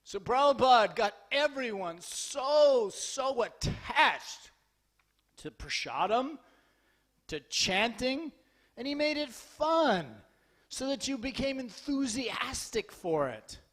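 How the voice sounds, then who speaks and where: A man giving a scripture class to an audience in a temple hall. He tells stories in an animated, humorous way, acts out dialogue, and urges his listeners on. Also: very high voice, slow pace. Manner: urgent and exhorting. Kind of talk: sermon with lively storytelling.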